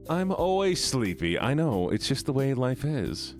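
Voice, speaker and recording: A man's voice: mid-range voice, big pitch swings, measured pace, a little mellow. A man streaming, chatting casually and playfully greeting his chat by name. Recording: faint background music. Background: faint music.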